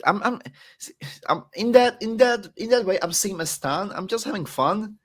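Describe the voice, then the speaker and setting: Animated Czech-accented young man. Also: moderate pace. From Czech Republic. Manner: animated, laughs often, swings between excited and low. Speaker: guest wrestler. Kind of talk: casual podcast chat.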